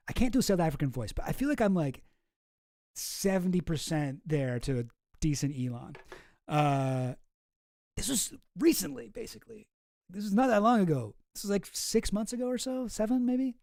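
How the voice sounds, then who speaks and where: Sweary rambling guy streaming, kinda high voice, mellow, dry close sound. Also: expressive, normal speed, vocal fry, dry recording. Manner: rambling, profane, sarcastic. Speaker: streamer host. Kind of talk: casual commentary stream.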